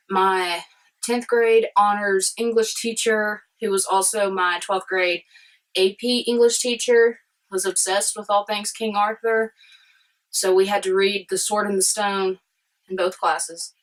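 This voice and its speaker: A woman's voice: mid-range voice, a bit bright, low-quality recording. A woman vlogging casually about history, chatty and rambling with eager side tangents.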